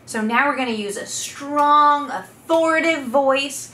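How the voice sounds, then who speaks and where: A woman's voice: high voice, measured pace. A woman, a voice therapist, coaching listeners through voice exercises and demonstrating each one aloud. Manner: coaching, demonstrating loud sustained vowels. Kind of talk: instructional voice exercise demo. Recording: echoey room, faint background noise.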